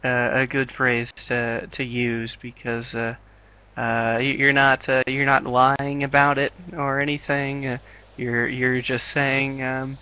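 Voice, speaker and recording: A man's voice: medium pitch, monotone, slow, sharp tone, clean tone, muffled recording. An American man teaching an online English class, encouraging and full of fillers and restarts. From United States. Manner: encouraging, many fillers and restarts, laughs often. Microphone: video call.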